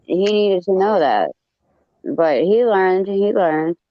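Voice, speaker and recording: A woman telling a story in casual chat, blunt and profane, with animated retelling. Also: mid-range voice, slow pace, no echo, dull audio.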